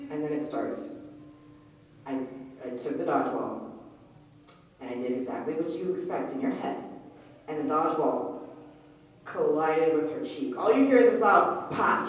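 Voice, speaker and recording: A young woman telling a comedic story on a convention panel, animated and swearing as she acts out voices. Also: lowish voice, lo-fi sound, a little hiss or hum. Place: large echoey convention hall. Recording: echoey hall from far off.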